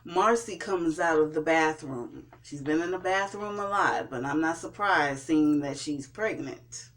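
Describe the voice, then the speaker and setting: A vlogger recapping and reviewing a TV episode in a casual way, pausing often and restarting sentences. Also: mid-range voice, a bit bright. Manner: hesitant, with frequent fillers and restarts. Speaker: TV show reviewer.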